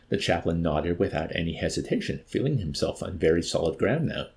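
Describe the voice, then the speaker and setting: A man reading a novel aloud as an audiobook narrator, measured and expressive. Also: sits low, vocal fry. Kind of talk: scripted narration.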